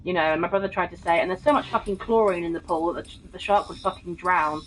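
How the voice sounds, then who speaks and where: A woman's voice: lowish voice, fast, slight background noise. A young woman streamer telling a casual story, rambling with many fillers and frequent laughs. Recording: dull lo-fi mic.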